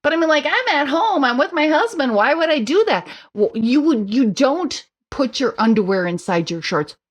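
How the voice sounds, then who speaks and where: A middle-aged woman, a podcast guest, telling her story in casual chat with animated asides and quick mimicked voices. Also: high voice.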